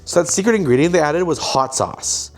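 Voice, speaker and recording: A young man hosting a casual show, telling a story with animated delivery and acting out what people said. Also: fairly high pitch, a little fast, soft background music. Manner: animated, acts out quoted lines. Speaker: host, filmmaker.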